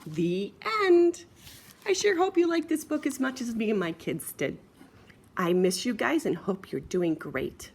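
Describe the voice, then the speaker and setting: A woman reading a children's picture book aloud in an animated, sing-song, playful way. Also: medium pitch, moderate pace, slightly rough. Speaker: story reader.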